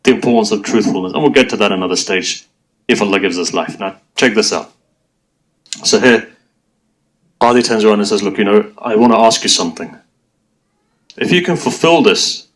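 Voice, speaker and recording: Low-voiced man preaching a mourning sermon. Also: a little fast, long pauses, low-quality recording. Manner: conversational storytelling, addressing the audience directly. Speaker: Muslim preacher.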